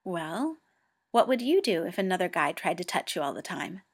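A woman reading a story aloud and voicing a blunt, dryly teasing teenage boy who asks flat, matter-of-fact questions. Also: fairly low pitch, moderate pace, husky. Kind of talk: amateur audiobook reading.

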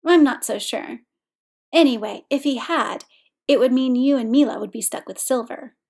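Woman reading a gentle, affectionate young man. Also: sits high, normal speed, vocal fry. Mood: tender.

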